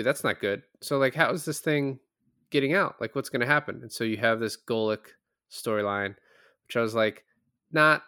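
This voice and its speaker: Male podcast co-host, mid-pitch, dry close sound, animated and laughing through movie recaps. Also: no room sound. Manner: animated retelling, laughs often, acts out quoted lines loudly. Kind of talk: casual movie discussion.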